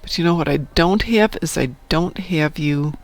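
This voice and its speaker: Chatty gravelly-voiced male game streamer. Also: fairly high pitch, normal speed. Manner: chatty, sings playful sound effects while playing. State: hiccuping and burping. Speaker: streamer playing an online space game. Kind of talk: casual live-stream chat.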